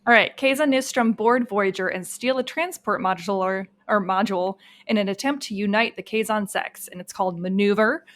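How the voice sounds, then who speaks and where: Woman, podcast co-host, mid-pitched voice, easy earnest chat with hesitations. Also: moderate pace, hardly any pauses, fairly bright tone. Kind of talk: casual chat.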